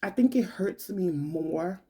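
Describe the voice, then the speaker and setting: A young adult woman talks slowly and from the heart in a personal monologue. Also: on the low side, lively intonation, dark tone, slightly rough. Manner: slow, heartfelt, colloquial and conversational. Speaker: vlogger.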